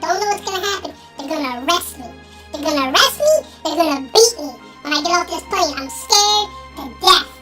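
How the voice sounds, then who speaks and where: A man voicing his younger self as a scared teenage boy, high, breathy and frantic. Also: very animated, normal speed, loud music behind the voice. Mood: panicked.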